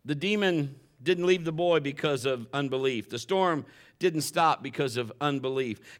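A man preaching a sermon, often climbing louder and higher when he drives a point home. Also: a little slow. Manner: impassioned, rises sharply in pitch and volume when stressing points; admits getting emotional while preaching. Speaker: pastor.

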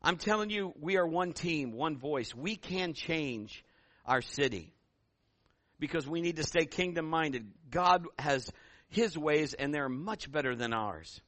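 Bright high-voiced male preacher. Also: unhurried, dry recording. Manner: storytelling preacher, animated, building to loud calls. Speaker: pastor. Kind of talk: sermon.

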